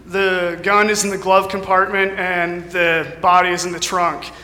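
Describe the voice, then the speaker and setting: A man's voice: high-pitched, little pitch movement, measured pace, bright, forceful tone. A man doing a cool-headed woman driver. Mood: calm. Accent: American. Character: calm female driver caught by police. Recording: echoey hall reverb.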